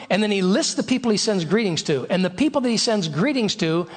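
A male pastor preaching a sermon, his voice pitched notably high for a man. He stresses his main points emphatically and circles back to repeat them. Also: expressive, a little fast, hardly any pauses. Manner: emphatic, repeats key phrases.

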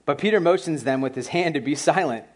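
Animated man preaching a casual sermon. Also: fairly high pitch, quick pace. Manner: casual and animated, with lots of "like" and asides to the congregation. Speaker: pastor. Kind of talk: conversational sermon.

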